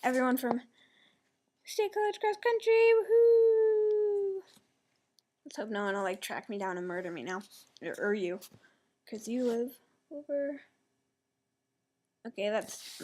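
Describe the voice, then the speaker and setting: A woman's voice: mid-range voice, measured pace, pauses often. Giggly teen girl. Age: teenager. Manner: chatty, giggly, full of "like". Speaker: vlogger. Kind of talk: rambling casual chat.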